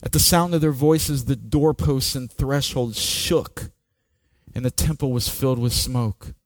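In a close, dry recording free of any room sound, a pastor preaches slowly and dramatically. His middle-pitched voice swings from soft, almost whispered stretches up to loud, ringing climaxes.

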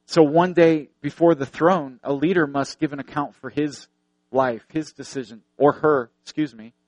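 A man's voice: on the high side, steady tone, moderate pace, a little mellow, dry recording, poor audio. A man preaching a sermon, earnest, repeating phrases for emphasis and telling stories.

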